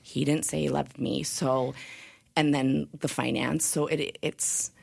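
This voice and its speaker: Gravelly low-voiced woman, earnest guest. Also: level tone, darkish tone. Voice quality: gravelly, husky. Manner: earnest, reflective, talks in halting restarts. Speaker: podcast guest, author. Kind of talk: candid conversational interview.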